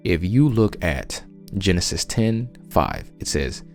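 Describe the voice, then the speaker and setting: Deep-voiced Southern US man teaching. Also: huge pitch swings, slow, vocal fry, a little mellow, faint music behind. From United States. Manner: emphatic, insistent, frequent restarts. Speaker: religious podcast host. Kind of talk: conversational Bible teaching.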